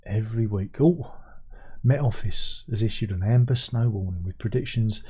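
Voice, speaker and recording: Older British man, livestream host, casual rambling chat, dark and slightly husky tone. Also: on the low side, moderate pace. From Britain. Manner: rambling, chatty, self-mocking asides.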